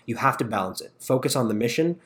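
A man from Canada, a guest on a podcast, talking fast and emphatically about leadership and asking rhetorical questions. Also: mid-range voice, lively intonation, fairly bright tone. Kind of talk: casual podcast conversation.

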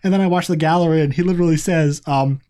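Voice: mid-range voice, fast talker, dark tone. A podcast co-host in a casual review chat, talking in a chatty, rambling way with many asides.

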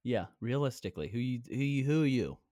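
A man's voice: mid-range voice, sing-song, quick pace, mellow, no echo. Man, podcast host, headset, dry sound, brash and teasing, casual chat. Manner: brash, teasing, swears freely. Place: home, recording virtually.

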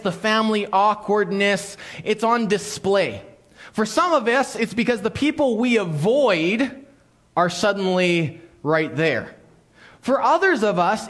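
A high-voiced male pastor telling a story in his sermon. He often restarts phrases and drops into playful quoted voices. His tone shifts from lively to hushed and low.

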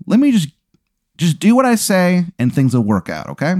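A man's voice: sits high, huge pitch swings, moderate pace, a little mellow, voice pushed up, full character voice. A man voicing a friendly male coworker who coaxes someone toward a date. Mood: coaxing.

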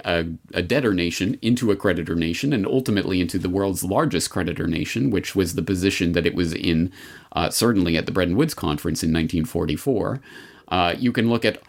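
A man hosting a show, talking through history in an unscripted, discursive way, wry and stressing key words. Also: fairly low pitch. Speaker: podcast host.

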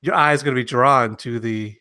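A man co-hosting a podcast in casual banter, animated and quick to laugh, often slipping into mocking quoted voices. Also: medium pitch. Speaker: podcast co-host.

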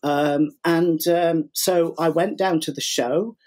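A man's voice: on the high side, steady tone, slow, darkish tone. A middle-aged man telling a long story in a casual interview, rambling with fillers and acting out what people said. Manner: rambling, many fillers and repeats, acts out quotes. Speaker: guest, sugar flower artist and teacher.

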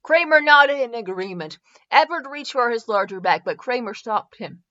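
A woman's voice: on the high side, lively intonation, moderate pace, bright, forceful tone, dry recording. A woman reading a comic fanfiction aloud, giggling and stumbling over words, on a slightly dull recording. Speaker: fanfiction reader.

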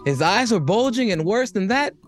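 A man's voice: high-pitched, moderate pace, faint music behind. A man hosting a casual chat podcast, telling stories animatedly with frequent uhs. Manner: animated storytelling with filler uhs. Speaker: podcast host.

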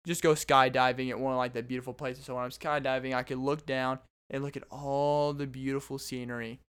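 A man's voice: mid-range voice, level tone, fairly quick, a bit bright, smooth. A man in his twenties hosting a podcast, telling stories in a rambling, self-interrupting casual monologue. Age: 20s. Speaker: podcast host.

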